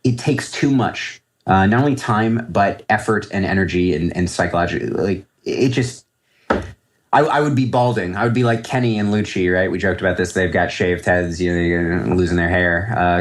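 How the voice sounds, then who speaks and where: A man in his thirties with a low, deep voice talks casually as a podcast guest. He rambles and corrects himself as he thinks out loud. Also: steady tone, normal speed. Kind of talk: casual interview talk.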